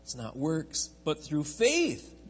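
A man's voice: on the high side, wildly swooping pitch, slow pace, husky. A man teaching a Bible class from an outline in a chatty, digressive way, often restarting his sentences and adding asides. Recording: echoey hall, long reverb.

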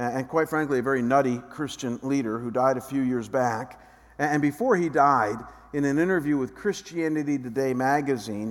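A male pastor delivers a sermon in a slightly high voice, and the sound rings with long reverb through a large church hall. He drops low and slow for quiet reflection, then climbs loud and animated as he acts out the voices of others.

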